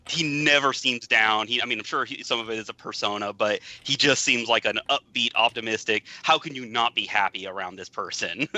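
A man guesting on a casual podcast with a very bright, lively voice that moves a lot in pitch. He is playful and laughs often, and the sound is close and dry. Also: no room sound, poor audio.

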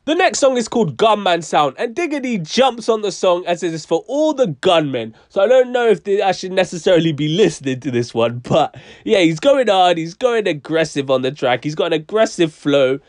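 A man's voice: high-pitched, sing-song, fairly quick, hardly any pauses, no room sound. A young man casually reviewing music tracks, chatty and frank, hedging often with "I don't know".

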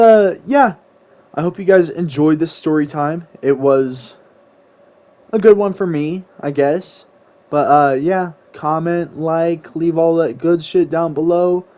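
A young man vlogs a casual, slangy, rambling story in a fairly high, mellow voice, erupting now and then in exasperated outbursts. The lo-fi recording sounds slightly muffled.

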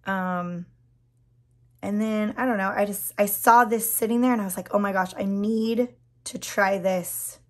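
A woman in her thirties with a hoarse, scratchy voice that drops into whispers, chatting and gushing while doing her nails. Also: mid-range voice, steady tone, unhurried. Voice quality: breaks into whispers. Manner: chatty, gushing, many fillers. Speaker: nail vlogger. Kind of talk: casual chat while doing a manicure.

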